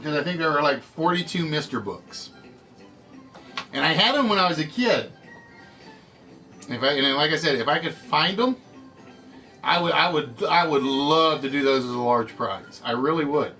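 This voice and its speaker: Male stream game-show host, slightly high voice, loose rambling chat, faint background music. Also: lively intonation, moderate pace, long pauses, sharp tone. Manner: rambling, self-correcting, talking to chat. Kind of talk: casual live-stream chat.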